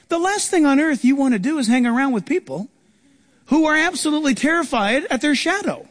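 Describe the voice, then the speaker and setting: A man's voice: very high voice, fairly quick, in a large hall. A man preaching a sermon, reading scripture and acting out the voices of the people in it. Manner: animated, acts out quoted voices.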